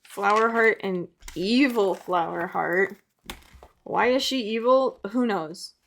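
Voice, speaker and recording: A woman's voice: medium pitch, slow pace, gravelly, fairly bright tone, slight background noise. A young adult woman, an artist and video creator, talking in a chatty, rambling way with self-mocking asides. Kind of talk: casual chat.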